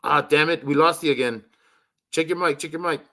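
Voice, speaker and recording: Man, stream host, casual chat, swears a lot, rambling, slightly high voice. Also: a little fast. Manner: profane, rambling, rants loudly. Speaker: livestream host.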